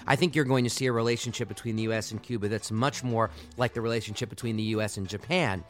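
A man's voice: on the low side, steady tone, fast talker, soft background music. A man hosting a sports podcast, delivering impassioned, argumentative solo commentary.

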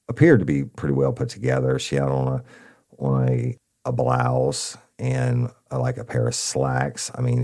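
A man with a very low, heavily gravelly voice tells a case story in a loose, rambling way. His tone is dark and mellow, yet his pitch swings a lot as he quotes people. He stumbles over words and keeps calling his listeners y'all. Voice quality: deep gravelly voice. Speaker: detective telling a case story. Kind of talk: casual storytelling.

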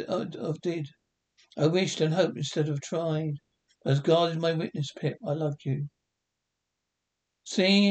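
A man's voice: fairly high pitch, darkish tone. A desperate grieving father. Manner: pleading, stammering with emotion. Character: grieving older male bookie and drunk, desperate father. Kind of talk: 1960s TV drama acting.

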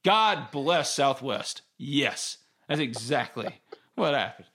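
A man's voice: mid-range voice, animated, takes it slowly, fairly bright tone. A man, hosting a casual sports podcast and telling stories in a candid, rambling way. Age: 30s. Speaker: podcast host.

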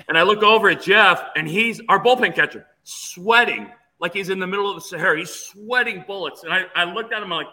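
A man in his fifties from Phoenix, a guest telling stories in an animated way with many restarts. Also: high-pitched, fairly quick, rough recording. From Phoenix, USA. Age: 50s. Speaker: interview guest, former player. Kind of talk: storytelling in an interview.

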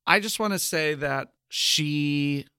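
A man co-hosting a podcast, casually recapping a TV show with wry, sarcastic asides and drawn-out emphasis. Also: on the high side, sharp tone, clean tone, no echo, clean studio sound. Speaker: podcast co-host. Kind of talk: casual chat reviewing a TV show.

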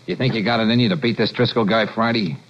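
A man playing a wry calm private eye. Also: lowish voice, fast talker, slight background noise, lightly acted. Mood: brisk. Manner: wry, laid-back, reassuring. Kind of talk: 1940s radio acting. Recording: dull lo-fi old radio recording.

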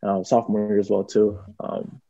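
A man's voice: lowish voice, flat delivery, normal speed, mellow, no room sound. A young man, a college football player, answering interview questions casually, with lots of ums and restarts. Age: young adult. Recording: dull lo-fi audio.

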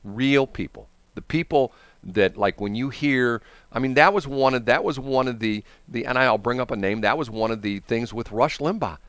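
A man's voice: medium pitch, moderate pace, hardly any pauses, a bit bright, clean tone, no echo. A man with a St. hosting a radio show, rambling and acting out quotes in put-on voices. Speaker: radio host. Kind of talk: casual on-air banter. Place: radio studio.

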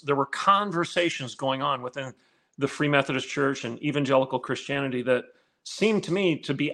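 Man, podcast guest, emphatic storyteller, rhetorical questions, fairly high voice. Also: bright, forceful tone. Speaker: guest, former college dean and academic.

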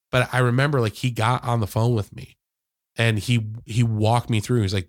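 A man's voice: medium pitch, fairly even intonation, moderate pace, dry recording. A man in his thirties co-hosting a podcast, talking in a heartfelt, rambling way with many fillers and restarts, close to tears. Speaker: podcast co-host and editor. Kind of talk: casual podcast conversation. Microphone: headphones and studio microphone.

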